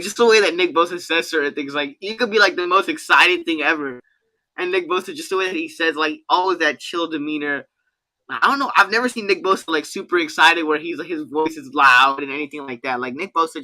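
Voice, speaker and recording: A man's voice: on the high side, fast talker, poor audio. A man co-hosting a casual sports talk show, chatty and full of fillers. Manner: chatty, heavy on fillers, animated. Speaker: podcast co-host.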